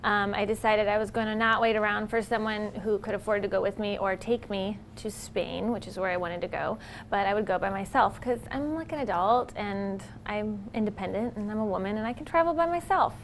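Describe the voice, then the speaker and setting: A woman guest on a comedy game show, telling a comic anecdote in an animated way and laughing between phrases. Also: medium pitch, brisk, slight background noise. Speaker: celebrity guest.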